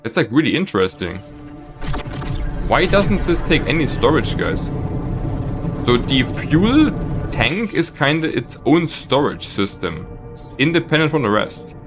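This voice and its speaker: Animated streamer ranting at his chat. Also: a little slow, long pauses, over music. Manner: exasperated, ranting at chat with lively swings of pitch. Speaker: live streamer. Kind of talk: casual gameplay commentary.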